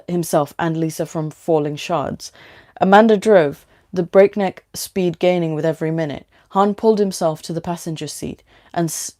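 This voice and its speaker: A woman reading a story aloud at a steady, unhurried pace. Her voice is mellow and a touch low for a woman, relaxed rather than bright.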